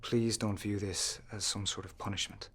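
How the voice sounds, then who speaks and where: An actor with an Irish accent playing a police superintendent who speaks calmly and reassuringly, in a TV crime drama. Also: male voice, on the low side, normal speed, breathy edge. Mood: concerned. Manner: calm, careful and reassuring. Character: measured, concerned male police superintendent.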